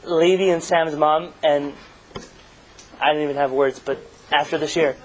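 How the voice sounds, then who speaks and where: A man's voice: a little high, steady tone, normal speed, background noise. A man, a rabbi, giving a live talk and telling stories in a conversational way, asking his audience questions.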